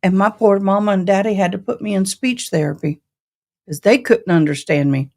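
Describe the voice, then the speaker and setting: Her voice is mid-range and a bit dark, moving at a moderate pace. She's a woman in her forties hosting a relaxed livestream, folksily addressing viewers by name, with a Southern accent combining East Tennessee, where she's from, and Texas, where she was raised.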